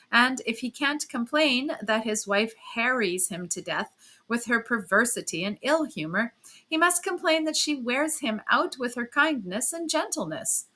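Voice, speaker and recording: A woman voicing a blustering, hearty young gentleman who speaks loudly and teasingly to his wife. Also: a little high, full character voice. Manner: loud, teasing, boastful.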